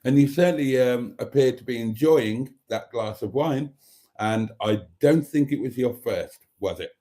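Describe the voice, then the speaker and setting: A man's voice: mid-range voice, measured pace, dark tone. A middle-aged man hosting a casual live stream, reading out viewer comments and teasing them in a chatty way.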